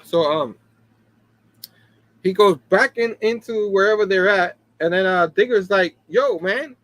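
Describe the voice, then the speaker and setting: A man hosting a casual comic book talk show, chatty and animated, often laughing and asking "you know what I mean". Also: sits high, a little slow. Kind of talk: casual chat.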